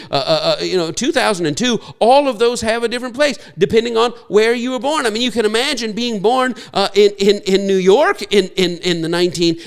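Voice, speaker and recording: A man preaches a sermon with a fairly high-pitched voice. He rambles, repeating words and filling pauses, and slips into the voices of people he quotes. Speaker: pastor.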